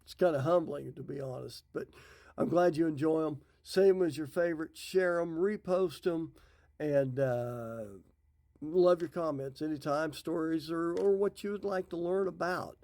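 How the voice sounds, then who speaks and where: A man's voice: fairly high pitch, normal speed, mellow. A middle-aged man who teaches the Bible, retelling scripture stories in a folksy, casual way. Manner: folksy, retells scripture in his own words.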